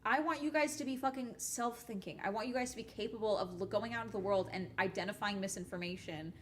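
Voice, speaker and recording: A young adult woman talks casually to her stream viewers while she plays. She rants bluntly and swears a lot, keeping an animated, frank manner at a middle pitch. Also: quick pace, slight background noise. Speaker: YouTuber streamer. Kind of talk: casual live-stream chat while gaming.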